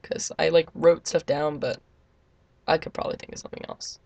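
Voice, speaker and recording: A woman's voice: low-pitched, level tone, brisk, gravelly. A young woman vlogging casually to the camera, rambling and chatty, filling her talk with "like". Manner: chatty, rambling, heavy use of "like".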